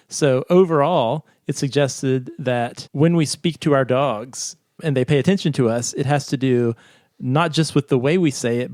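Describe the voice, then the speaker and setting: A man's voice: mid-range voice, a little mellow, no echo, clean studio sound. A man co-hosting a podcast, explaining a research study in casual chat and laughing often. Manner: chatty, laughs often, reads scripts aloud. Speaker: podcast co-host.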